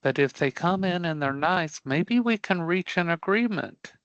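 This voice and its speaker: A man leads an online career class in a bright, somewhat high voice that sounds close and dry. He is blunt and emphatic, brushing off angry customers as no big deal and checking in with the class again and again. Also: expressive, a little slow, dry recording, highs cut off. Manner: emphatic, checks in with frequent rhetorical questions. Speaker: career prep instructor. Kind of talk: live online class lecture.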